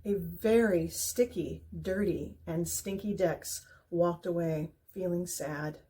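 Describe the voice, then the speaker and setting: A woman's voice: fairly low pitch, slow. Woman reading a children's book aloud. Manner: expressive, gentle storytelling. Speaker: picture book reader.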